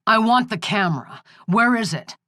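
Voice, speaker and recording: A woman's voice: a little high, animated, moderate pace, bright, forceful tone, no echo, studio quality, voice pushed up. A woman reading the part of a ruthless male scientist who threatens and coldly explains himself, in a menacing, matter-of-fact way.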